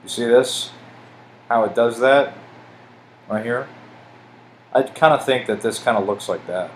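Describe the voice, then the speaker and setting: A man casually rambling over pictures as a video host, excitable and swearing, stumbling as he reads aloud. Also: mid-range voice, a little slow, a little hiss or hum, rough recording.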